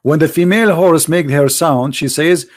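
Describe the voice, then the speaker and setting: A man with an Arabic accent hosting a live stream, reading and translating a text aloud in halting English with many restarts. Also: on the high side. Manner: halting, restarts and searches for words.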